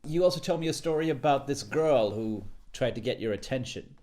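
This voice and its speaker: A man's voice: medium pitch, animated, brisk, a little mellow. A young man co-hosting a casual chat show, joking with his friend in dry, teasing banter. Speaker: podcast co-host.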